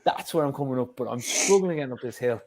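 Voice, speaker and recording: A man's voice: medium pitch, expressive, fast. An Irish man, a guest on a show, telling a story in casual chat, with lots of fillers and the odd swear word.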